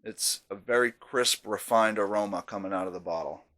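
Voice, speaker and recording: A man's voice: fairly low pitch, normal speed, pushed and bright. A man casually reviewing a beer on camera, chatty and self-deprecating, with savoring asides.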